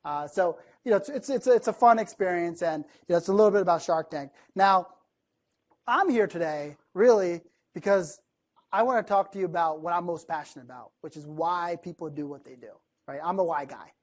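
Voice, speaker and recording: A man from the East Coast of the United States giving a conversational keynote talk to a room of listeners, chatty and lively, often asking the audience questions. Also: high voice. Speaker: keynote speaker.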